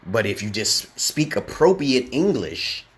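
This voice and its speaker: A man's voice: medium pitch, very animated, unhurried. A man streaming casually as an online English teacher, who rambles and lectures, tags his sentences with "okay?" and answers viewer comments.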